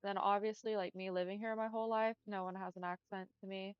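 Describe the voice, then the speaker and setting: A woman's voice: mid-range voice, little pitch movement, fast, clear, resonant tone, no room sound, lo-fi sound. A young woman with a Texan accent chatting casually with her viewers while she streams a game, saying "y'all" and "like" a lot. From Texas. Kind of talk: casual chat while gaming.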